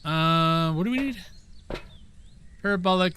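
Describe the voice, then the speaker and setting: A man's voice: a little high, animated, moderate pace, bright, forceful tone, slight background noise. A man streaming a ghost-hunting game, chatting casually and easily, often poking fun at himself. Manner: chatty, self-deprecating, easygoing. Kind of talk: casual gameplay chat.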